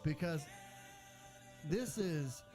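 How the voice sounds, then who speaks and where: A man's voice: a little high, expressive, drawn-out words, dark tone, soft background music. A young man co-hosting a radio show in casual banter, with a dry, teasing manner.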